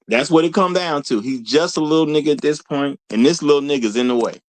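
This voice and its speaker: A man's voice: a little high, no room sound, poor audio. A man hosting a live commentary stream, talking casually to his viewers and repeating points for emphasis. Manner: animated, repeats lines for emphasis, addresses viewers as y'all. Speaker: host of a live commentary show.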